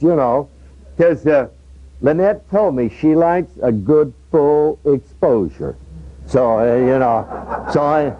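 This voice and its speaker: A man's voice: a little high, animated, slow pace. A portrait photographer talking his audience through a live studio session and coaxing his models as he works. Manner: coaxing, directing models with running commentary. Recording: dull lo-fi recording.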